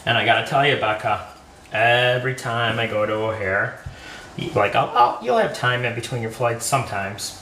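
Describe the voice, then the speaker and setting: Casual podcast co-host, male, jokey storyteller, bright tone, recorded from a distance in an echoey kitchen. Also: mid-range voice, moderate pace, slight background noise. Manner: chatty, jokey storyteller with animated quoted voices. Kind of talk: casual chat while cooking. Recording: echoey room, distant mic, faint ambience.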